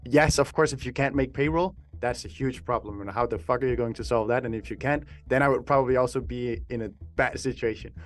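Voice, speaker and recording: Upbeat frank co-host guy, middle pitch, keeps restarting sentences. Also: a little fast, hardly any pauses, soft background music. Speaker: podcast co-host. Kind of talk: casual podcast chat.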